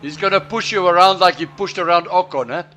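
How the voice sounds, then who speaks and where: A man with a high, bright, forceful voice streams a sim race and chats with friends, teasing them. His speech is halting, and he repeats words as he starts over.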